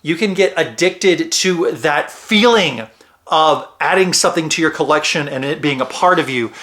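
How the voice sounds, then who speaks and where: Bright-voiced man rambling through a review. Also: on the high side, normal speed. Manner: rambling, jokey, talks to viewers. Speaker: board game reviewer. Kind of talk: casual review vlog.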